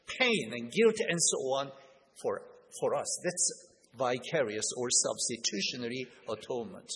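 A man with a husky voice gives an expository Bible teaching. He speaks slowly and deliberately and leans on key words. His voice rings with the long reverb of a large hall. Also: medium pitch, expressive, fairly bright tone. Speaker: preacher.

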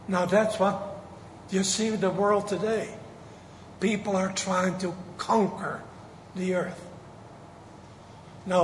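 Slow, high-voiced man preaching in an echoey hall. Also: slight background noise. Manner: slow, emphatic, stretches key words. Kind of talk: sermon. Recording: echoey hall with faint ambience.

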